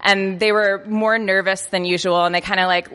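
A woman in her late twenties tells a comic story about herself to a live audience. Her voice is bright and forceful, her pitch sits in the middle, and she keeps stumbling, restarting and poking fun at herself. The sound rings with the long reverb of a performance hall. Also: level tone. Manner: halting, self-deprecating, stumbles and restarts, laughs at herself. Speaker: live storyteller on a comedy podcast. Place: comedy festival venue.

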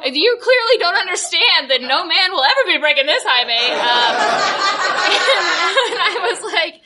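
A woman's voice: extremely high pitch, sing-song, a little slow, a loud crowd. A woman telling a funny personal story on stage at a live show, laughing as she goes. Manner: laughing through her story, acting out quoted voices. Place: live show venue with audience. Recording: live stage recording with audience noise.

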